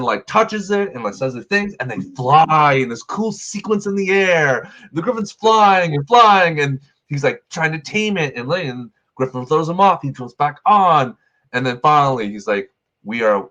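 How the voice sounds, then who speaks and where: A man with a somewhat high, sharp voice and lively intonation speaks at normal speed as host of a movie review show. He rambles through a casual film recap, his retelling crammed with "like" fillers.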